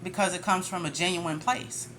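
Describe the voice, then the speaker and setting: A woman's voice: fairly low pitch, fairly even intonation, normal speed, fairly bright tone, slight background noise. A woman tarot reader ranting in a casual monologue, blunt and profane, with frequent laughter.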